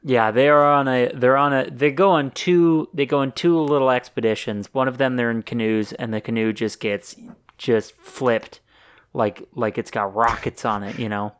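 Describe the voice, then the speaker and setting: A man's voice: mid-range voice, moderate pace, smooth. Young man rambling through movie recaps. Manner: rambling, animated movie recaps with put-on voices. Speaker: podcast co-host. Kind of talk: casual chat.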